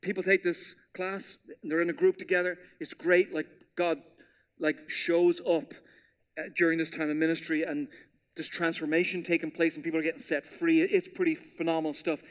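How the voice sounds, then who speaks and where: A man preaching a sermon as pastor, animated and storytelling, acting out quotes with playful voices. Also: a little high, moderate pace.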